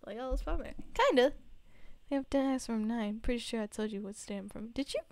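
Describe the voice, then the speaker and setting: Young woman, Southern American accent, giggly streamer chat, high voice, dry room. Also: fast talker, a little mellow, dry recording. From Southern United States. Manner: giggly, laughs often, chatty. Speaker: livestreamer. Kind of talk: casual chat with live chat.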